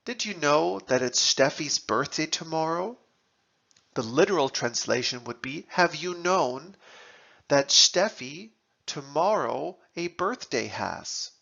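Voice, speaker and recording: A man narrating a scripted language lesson, deliberately sounding out German words and their translations, in a dull lo-fi recording. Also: fairly high pitch, lively intonation, creaky, bright, forceful tone. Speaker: language teacher.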